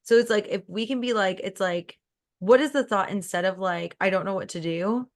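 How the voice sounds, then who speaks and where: Woman coaching a client, animated, emphatic, acts out her thoughts, swoops high in pitch. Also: moderate pace. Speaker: business coach. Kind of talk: coaching call.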